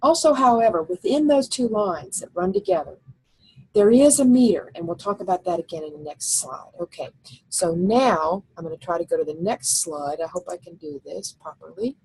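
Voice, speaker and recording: Husky-voiced woman teaching from slides. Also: lowish voice, lively intonation, moderate pace, a little mellow, poor audio. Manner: explains step by step, thinks aloud with fillers. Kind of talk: recorded slide lecture.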